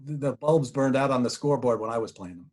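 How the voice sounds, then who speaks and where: A man in his sixties, a former college lacrosse player, reminiscing with many restarts and trailing off quietly. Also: mid-range voice, quick pace, slight background noise. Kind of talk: casual reminiscing.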